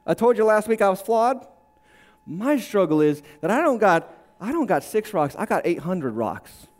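A man preaching a sermon with drama, acting out quick voices and swinging between shouting and hushed lines. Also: high voice, sing-song. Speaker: pastor.

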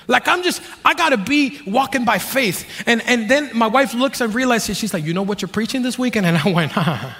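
A man in his thirties, a pastor, preaching a sermon with jokes, dropping to low asides and rising to shouted peaks. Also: brisk, hardly any pauses. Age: 30s. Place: church hall. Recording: long reverb of a large hall.

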